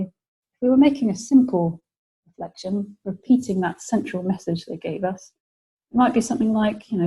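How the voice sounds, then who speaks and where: A woman's voice: medium pitch, a little fast, warm tone, breathy edge, low-quality recording. A British woman presenting a webinar lecture, explaining ideas and acting out example phrases for clients.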